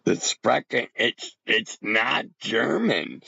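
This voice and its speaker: Brief: gravelly middle-aged male streamer, slow and rambling, wide pitch swings, dry dull mic. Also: big pitch swings, sharp tone, dry recording. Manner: rambling, talks to chat viewers by name. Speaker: livestream host. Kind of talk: rambling casual livestream chat. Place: home bunker.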